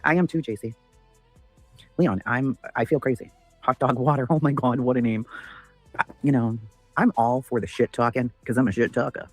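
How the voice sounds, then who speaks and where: Man, livestream host, husky voice, dry close sound, swearing a lot, quick-fire ranting. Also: mid-range voice, fairly even intonation, dry recording, faint music behind. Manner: profane, ranting, greets chat by name. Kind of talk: casual livestream commentary.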